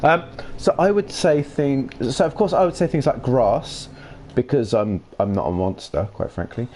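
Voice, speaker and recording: A man's voice: medium pitch, moderate pace, a little mellow, a little hiss or hum. A man with a Kentish accent who mumbles a lot, rambling casually while he streams a video game. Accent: Kentish English. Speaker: gaming streamer.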